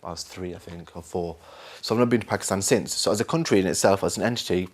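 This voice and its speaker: A man with a Northern English accent, an actor talking candidly in an interview, animated and self-mocking. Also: low voice, fast talker. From north of England. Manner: animated, self-mocking, acts out other voices.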